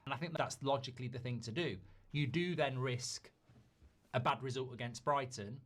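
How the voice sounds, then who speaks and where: A man giving measured football commentary, reasoning through options with the odd quick aside. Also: medium pitch, fairly bright tone. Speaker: football pundit in a played clip.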